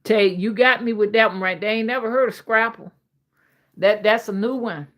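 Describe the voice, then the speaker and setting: A woman's voice: on the high side, normal speed, fairly bright tone. A woman from Alabama with an old-fashioned Southern accent, chatting casually on a livestream and reading viewers' comments in a folksy way. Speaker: livestream host.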